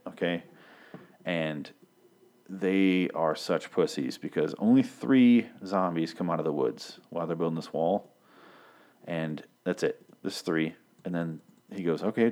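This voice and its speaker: A man with a low voice recaps a TV episode in loose, rambling chat. He swears freely and keeps stopping to hunt for names. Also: darkish tone. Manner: profane, rambling, loses track of names.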